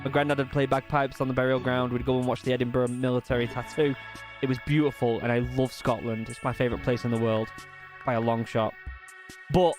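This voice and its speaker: A young man chatting casually on a live stream, reading viewer comments and swearing now and then. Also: medium pitch. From United Kingdom.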